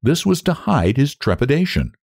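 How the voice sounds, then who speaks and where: A man reading a novel aloud in measured, expressive storytelling. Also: medium pitch, gravelly, no room sound, clean studio sound. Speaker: audiobook narrator. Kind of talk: scripted narration of a novel.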